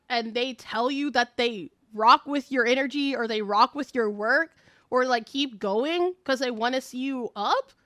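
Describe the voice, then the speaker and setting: A young woman streamer telling a story in casual live chat, fast and excitable, with lots of fillers. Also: sits high, dry recording, clean studio sound.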